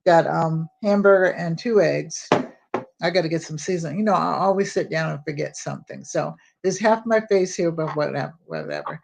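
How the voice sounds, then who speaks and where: A woman's voice: deep voice, brisk, gravelly. Older woman chatting while cooking. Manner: chatty, rambling, greets viewers by name. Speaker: home vlogger. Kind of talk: casual live-stream chat while cooking. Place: home kitchen.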